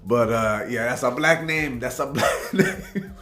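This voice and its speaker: A man's voice: mid-range voice, measured pace, a bit bright. A man from Tacoma, Washington, hosting a reaction video, telling rambling, laid-back stories and saying "man" a lot. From Tacoma, Washington, USA. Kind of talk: casual storytelling commentary. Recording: roomy echo with faint background music.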